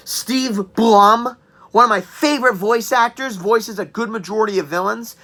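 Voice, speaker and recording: A woman in her twenties giving a chatty, joking game review and clearing her throat now and then. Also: a little high, a little slow, fairly bright tone. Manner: chatty, enthusiastic, joking asides. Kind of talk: casual spoken review.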